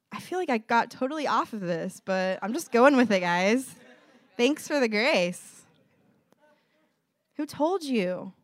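A woman's voice: high-pitched, dry recording, studio quality. A woman giving an informal, earnest sermon, talking conversationally to her listeners and acting out little dialogues. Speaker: preacher.

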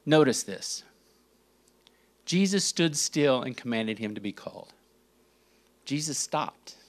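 Teaching from scripture, this male preacher moves slowly and deliberately with lively intonation, sinking to a low, quiet register and then climbing sharply to stress a point. Between verse readings he asks rhetorical questions, his pitch and volume shifting dramatically.

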